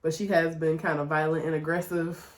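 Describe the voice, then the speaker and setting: In an echoey room with a bit of background noise, a woman co-hosting a podcast talks a little fast with little pitch movement. Her Detroit accent comes through as she chats frankly, swears heavily, laughs a lot, and imitates her child in a high voice.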